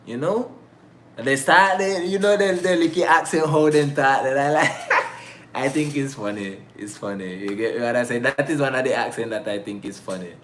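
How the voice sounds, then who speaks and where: A man's voice: medium pitch, normal speed, a bit bright, a little hiss or hum. A young man from Nicaragua, hosting a casual, rambling, slang-heavy chat. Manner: laid-back, slangy, rambling with many fillers. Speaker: host.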